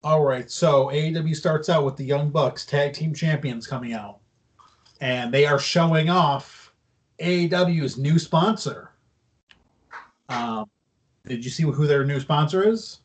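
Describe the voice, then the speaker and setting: A man's voice: a little high, measured pace. A man co-hosting a podcast, recapping a wrestling show in loose casual chat with swearing and mocking asides. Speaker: podcast co-host.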